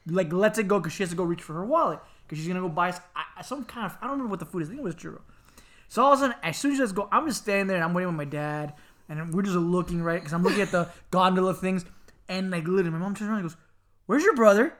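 A man from Miami telling a family story in casual chat, animated and laughing, slipping into squeaky voices to act people out. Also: very fast.

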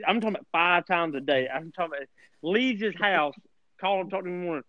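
A man's voice: high-pitched, animated, quick pace, dry recording, dull audio. A man teasing a friend in casual podcast chat.

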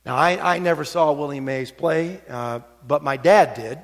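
A middle-aged man preaching a sermon as pastor, telling stories and moving between quiet asides and rising exhortation. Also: a little high, moderate pace. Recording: long hall reverb.

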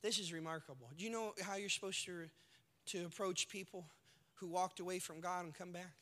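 A man's voice: high voice, fairly even intonation, a little fast, bright, forceful tone, big-room sound. A man preaching a sermon as pastor, telling a parable with dramatic storytelling and acted-out voices.

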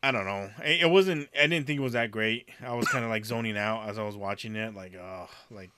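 A podcast co-host talks through a casual movie review chat, his fairly low voice quick, pushed and bright. The tone is clean with no room sound, and his laid-back delivery hedges constantly, leaning on "kinda" and "like."

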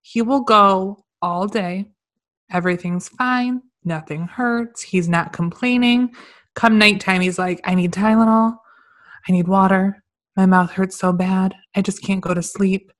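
Woman co-host, relaxed and conversational, reassuring friend. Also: mid-range voice, a little slow. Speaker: podcast co-host. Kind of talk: casual chat.

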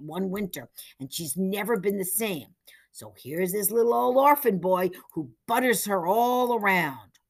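A woman's voice: mid-range voice, slightly rough, voice pushed up. A woman voicing an earnest, determined young boy who explains things urgently.

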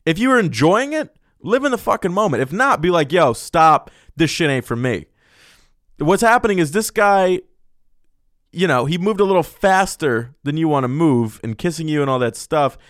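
A young man hosts a comedy podcast, reading out listener emails and ranting crude, profanity-laden advice. His voice sits a little high for a man. The sound is dry and close to the mic. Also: moderate pace, no room sound. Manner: profane, blunt, excitable, reads listener emails aloud. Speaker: podcast host answering listener questions.

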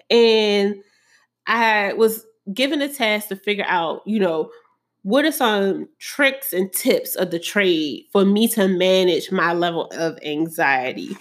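A woman's voice: mid-range voice, fairly bright tone. A woman talking to camera about her own hard times, earnest and emotional, with lots of casual fillers. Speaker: vlogger sharing personal story. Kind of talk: candid personal talk to camera.

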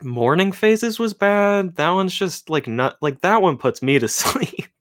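A podcast co-host in casual chat, opinionated and halting, often restarting sentences with "like". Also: mid-range voice, expressive. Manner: halting, many "like" fillers, opinionated.

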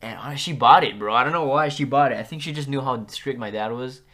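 A young man hosting a podcast, telling school stories in a casual, animated way and acting out what people said. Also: mid-range voice, brisk. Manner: animated, acts out quotes with big jumps in loudness. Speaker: podcast host. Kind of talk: casual storytelling.

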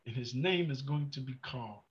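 A man preaching a fervent sermon, surging from hushed prayer to shouts and repeating his words. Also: medium pitch, brisk. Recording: muffled lo-fi sound.

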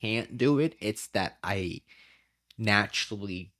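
A young man co-hosts a podcast in loose, casual chat full of fillers, restarts and swearing. His voice is fairly low and fairly bright, and he speaks slowly.

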